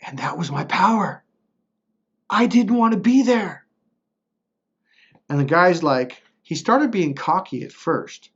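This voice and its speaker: A man's voice: high-pitched, expressive, slow pace, pauses often, fairly bright tone, slightly rough, highs cut off. Blunt, swearing man telling a story. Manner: blunt and profane, swearing freely; rambling, with restarts and frequent "right?". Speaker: motivational speaker. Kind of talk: casual personal storytelling.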